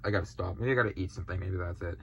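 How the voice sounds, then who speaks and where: A man's voice: low voice, racing, vocal fry, muffled recording, slight background noise. A man hosting a reaction video, sounding tired and yawning, talking hesitantly with sighs and trailing sentences. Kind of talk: casual reaction commentary.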